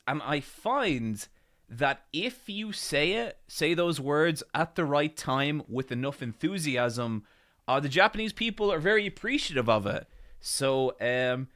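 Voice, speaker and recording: A man on a podcast, chatting casually and telling a long story. He rambles and restarts often, mocks himself in a laid-back way, and swears without much thought. His voice sits at an average pitch. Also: fairly bright tone. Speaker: podcast co-host. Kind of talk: casual chat.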